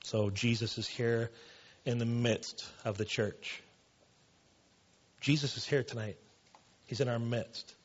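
Husky-voiced man giving a casual sermon. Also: medium pitch, steady tone, slow, long pauses, highs cut off. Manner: casual, with many fillers like "you know" and "man". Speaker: pastor. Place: church.

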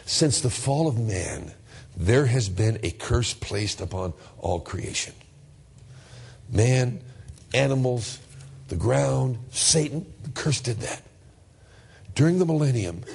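A pastor preaching a sermon, reading scripture aloud and then talking in a lively, conversational way, sometimes jumping high in pitch to act out everyday exchanges. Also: male voice, vocal fry, husky.

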